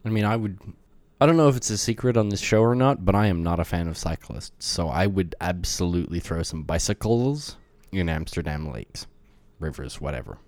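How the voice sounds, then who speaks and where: Deep-voiced man, blunt and profane. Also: animated, fairly quick, a little mellow, no room sound. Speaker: podcast co-host. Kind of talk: casual banter.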